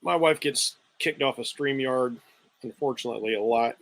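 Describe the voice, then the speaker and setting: A man's voice: medium pitch, moderate pace, a bit bright, no room sound. A man playing in an online tabletop game, chatting in a casual, upbeat, rambling way. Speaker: player.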